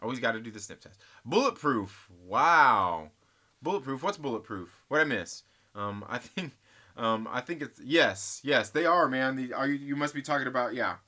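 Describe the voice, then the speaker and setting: Bright-voiced man in a rambling vlog. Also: medium pitch, expressive, moderate pace. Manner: joking, teasing, rambling with restarts; addresses viewers directly as guys. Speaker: comic book channel host. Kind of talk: casual rambling vlog chat.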